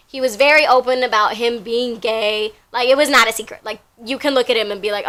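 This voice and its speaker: A young woman casually retelling a workplace story, chatty and animated, with lots of filler words. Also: on the high side, a little fast, few pauses. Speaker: storytime vlogger.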